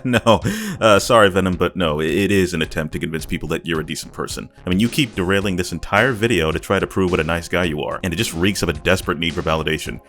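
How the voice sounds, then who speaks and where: A man's voice: sits low, fast talker, fairly bright tone. A man hosting a critical commentary video, talking in a blunt and scornful way. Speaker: commentary host.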